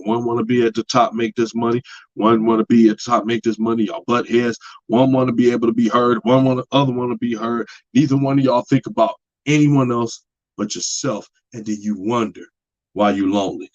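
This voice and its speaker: A man's voice: medium pitch, a little mellow, dull audio. A man talking in a casual monologue about relationships, plain-spoken and preachy, repeating his points. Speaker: podcast host.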